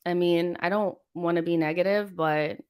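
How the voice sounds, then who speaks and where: A woman's voice: on the low side, steady tone, moderate pace, a little mellow, smooth, no echo, clean studio sound. A young woman hosting a live football watchalong, venting in exasperation and reading out viewer messages. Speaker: host of a football watchalong stream. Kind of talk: live watchalong commentary and chat.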